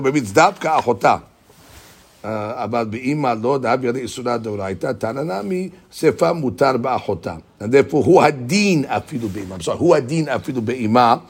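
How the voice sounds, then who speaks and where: Male Talmud teacher, husky voice, methodical and repetitive in his explanations, mid-range pitch. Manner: explains step by step, repeats key phrases, answers students' questions. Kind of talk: Talmud study class explanation.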